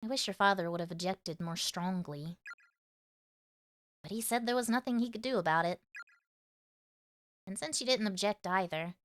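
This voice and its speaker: A woman voicing a worried, complaining middle-aged mother in a game, in a lower, subdued tone. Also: dry recording, natural voice. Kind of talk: reading game dialogue aloud.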